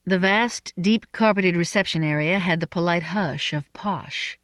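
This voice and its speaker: A narrator reading a first-person novel in a measured, soft-spoken way. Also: mid-range voice, no room sound, studio quality. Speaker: audiobook narrator.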